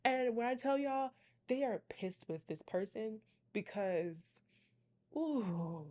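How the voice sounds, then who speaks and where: A woman's voice: fairly high pitch, expressive, measured pace, a little mellow. A young woman who reads tarot, telling a story to her viewers in a chatty, dramatic way. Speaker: tarot reader and channel host. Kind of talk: casual storytime.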